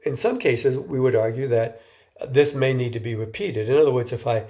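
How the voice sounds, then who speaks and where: A man gives an informal, conversational lecture, often stumbling into repeated words before continuing and occasionally asking his listeners a question. His voice is mellow and dark-toned, at medium pitch and normal speed.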